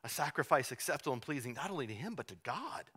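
A male pastor preaching a sermon, moving from hushed, slow emphasis to loud, high-pitched fervor, often repeating words as he restarts. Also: expressive, husky.

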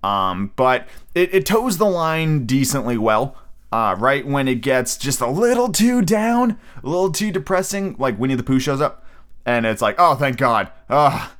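A man's voice: medium pitch, very animated, normal speed. A man hosting a solo podcast in a casual, rambling way, with lots of fillers and restarts. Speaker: podcast host.

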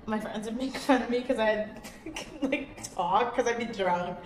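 A young woman in her twenties, a comedian co-hosting a podcast, telling a story in an animated, giggly way. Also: fairly high pitch, unhurried. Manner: giggly, animated, laughs mid-sentence. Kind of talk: casual storytelling chat. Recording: echoey room.

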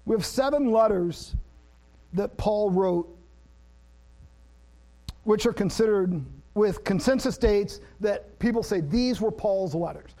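A man preaching a sermon, an animated storyteller who laughs at himself and then moves into plain teaching about scripture. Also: high voice, a little slow. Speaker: pastor.

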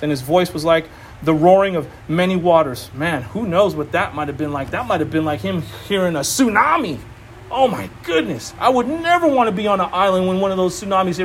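Male pastor, sermon; high-pitched, excitable, stammers and laughs, faint room noise.

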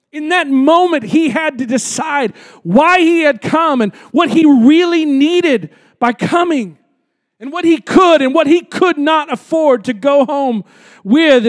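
A pastor preaching an impassioned sermon, swinging from hushed passages to shouting, and acting out the people in the story. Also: male voice, very high-pitched, dry recording, studio quality. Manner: acts out the pleading nobleman.

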